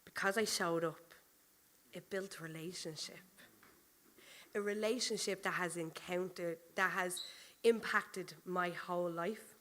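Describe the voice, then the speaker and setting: Bright-voiced woman preaching. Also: lowish voice, a little slow. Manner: animated, chatty, laughs while telling stories. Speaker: pastor. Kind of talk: sermon with personal storytelling.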